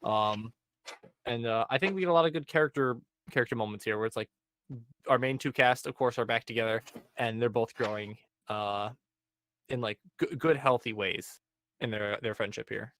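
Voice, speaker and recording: A man's voice: medium pitch, moderate pace, no room sound. Dry, chatty young man retelling a story. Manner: animated storytelling, acting out characters' lines with many "um" and "like". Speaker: podcast co-host recapping an anime episode. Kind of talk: casual chat.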